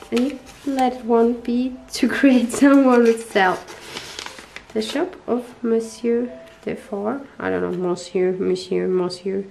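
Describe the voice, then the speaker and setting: Slow-talking woman, gushing and teary. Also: on the high side, vocal fry, warm tone, a little hiss or hum, rough recording. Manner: gushing, searching for English words. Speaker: papercraft vlogger. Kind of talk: casual unboxing chat. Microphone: tablet microphone.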